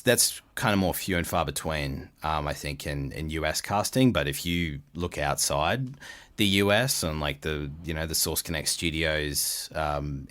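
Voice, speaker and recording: A middle-aged man with an Australian accent chats at length in a podcast interview. His voice sits very low. He rambles easily, full of fillers and restarts. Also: fairly bright tone. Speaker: voice actor guest.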